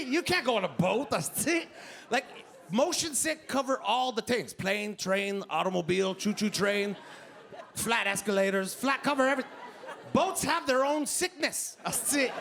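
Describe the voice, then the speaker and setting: A man in his fifties with a Québécois French accent doing a loud, animated stand-up set, shouting his punchlines. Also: extremely high pitch, normal speed, creaky. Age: 50s. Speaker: stand-up comedian. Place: comedy club stage. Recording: live club with loud crowd laughter. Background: audience laughing.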